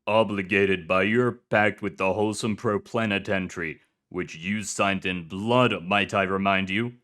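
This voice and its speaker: A man's voice: deep voice, fairly even intonation, slow pace, pushed and bright, exaggerated voice. A man voicing a big, stern male enforcer who formally scolds and barks orders at a late duelist.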